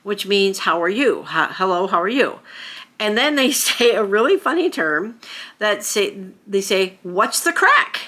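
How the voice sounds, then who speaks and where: A woman's voice: medium pitch, animated, unhurried, fairly bright tone. An American woman talking casually to camera as a vlogger, chatty, with frequent fillers and small laughs. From United States.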